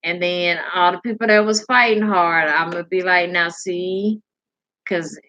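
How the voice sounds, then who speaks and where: A woman's voice: lowish voice, moderate pace, bright, forceful tone. A sleepy woman hosting a casual live stream, rambling, laughing and answering comments from her chat.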